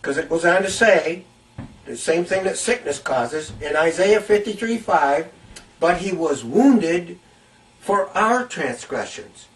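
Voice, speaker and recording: A man's voice: a little high, animated, slow pace, distant mic, poor audio. A man preaching a Bible teaching sermon, reading scripture aloud and repeating key phrases to stress them.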